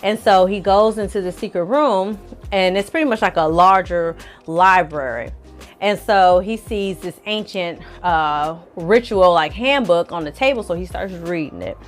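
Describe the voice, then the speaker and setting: A woman hosting her own channel, recapping a TV episode in a lively, slangy storytelling style. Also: fairly low pitch, measured pace, faint music behind. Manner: animated, slangy storytelling with acted quotes. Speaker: film reviewer, channel host.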